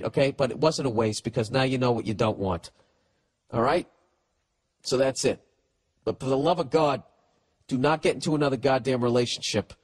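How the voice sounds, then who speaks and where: A middle-aged man hosting a podcast, giving blunt, profane comedic advice in a rambling way while reading out listener letters. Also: mid-range voice. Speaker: podcast host.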